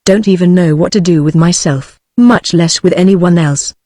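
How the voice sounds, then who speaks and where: A synthetic woman's voice reading a sharp-tongued young woman. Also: on the low side, normal speed, dry recording, clean studio sound, lightly acted. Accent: British English.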